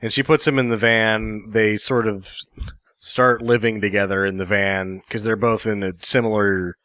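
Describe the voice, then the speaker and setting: A man trades laid-back, wry comments on a casual movie podcast. His voice sits a little low. The recording is dry and close. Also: little pitch movement, normal speed, fairly bright tone, clean tone, dry recording. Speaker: podcast co-host. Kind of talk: casual movie review chat.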